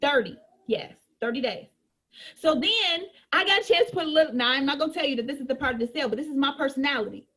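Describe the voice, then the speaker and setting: A woman giving a sales training talk, speaking to her listeners in a lively, conversational way. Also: high voice, fast talker.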